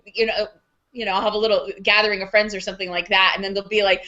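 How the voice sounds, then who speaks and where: Frank, bright-voiced woman therapist. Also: mid-range voice, fairly even intonation, racing, highs cut off. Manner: frank, laughs often. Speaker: sex therapist, guest. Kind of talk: casual chat.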